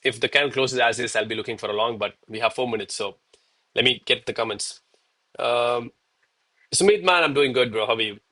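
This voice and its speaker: A man in his thirties talking live to his viewers in a loose, chatty way, often calling them bro. His voice is bright and forceful, and he is a little winded from push-ups. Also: medium pitch. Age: 30s. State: out of breath between push-ups. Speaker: live trading streamer. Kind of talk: live-stream commentary and chat.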